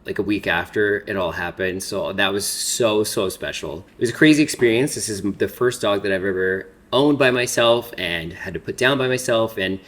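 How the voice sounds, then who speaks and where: Male makeup vlogger in his 30s, slightly low voice, rambling casual chat, fighting tears. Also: normal speed, hardly any pauses, a bit bright. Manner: rambling, filler-heavy storytelling. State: holding back tears. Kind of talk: casual get-ready-with-me chat.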